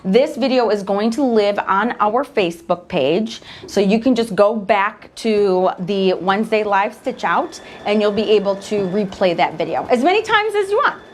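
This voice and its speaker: An upbeat woman chatting through a live sewing demonstration. Her voice sits at an ordinary pitch, with a faint hum of ambience behind her. She keeps up friendly talk with viewers while she works. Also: expressive, normal speed, few pauses. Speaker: host of a live embroidery stream. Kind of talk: casual live demo chat.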